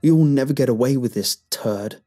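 The severed head of a dead man taunts from inside a garbage bag, as a narrator puts him on. Each insult is drawn out slowly in a dark, husky voice. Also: medium pitch, lightly acted. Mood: taunting. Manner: mocking, drawn-out slow taunts.

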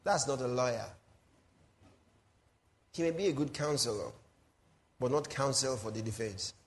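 A male pastor preaching a sermon in a teasing, animated way, laughing often and swinging between soft asides and loud exclamations. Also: medium pitch, moderate pace.

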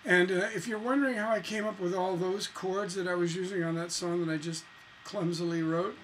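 A man's voice: sits high, fairly even intonation, fairly quick, poor audio. A man teaching songwriting in a casual lesson, musing aloud as he works through chords on guitar. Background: acoustic guitar playing.

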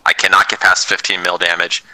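A man's voice: low-pitched, little pitch movement, a little fast, sharp tone, poor audio. A man chatting casually with his clan on voice chat, laid-back and jokey. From United States.

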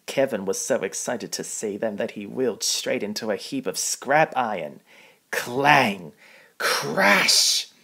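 A man's voice: fairly low pitch, moderate pace, few pauses, breathy edge. A man reading a children's picture book aloud, plainly, with small slips. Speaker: storybook reader.

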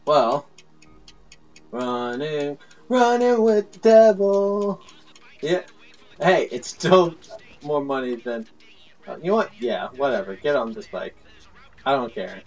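A man doing let's play commentary, excitable and laughing, yelling at his teammates. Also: mid-range voice, unhurried, long pauses, breathy edge, recorded from a distance, muffled recording, soft background music. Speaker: gaming YouTuber.

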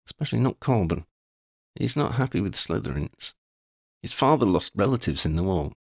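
A man voicing a polite, careful young wizard who speaks in a measured, tactful way. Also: on the low side, very animated, husky, no room sound, studio quality, heavily acted.

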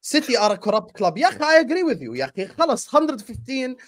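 A man's voice: extremely high pitch, huge pitch swings, fairly quick, fairly bright tone. A man ranting as a football fan pundit on a panel show, profane and exasperated. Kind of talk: heated fan panel talk.

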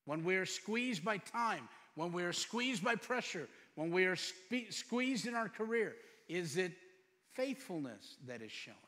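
A pastor in his fifties preaches to his congregation, throwing out question after question and moving between loud and hushed. His voice sits somewhat high and rings bright. The sound carries a long church reverb. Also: sing-song, measured pace. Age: 50s. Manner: preaching with rhetorical questions, swinging loud and soft. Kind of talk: sermon.

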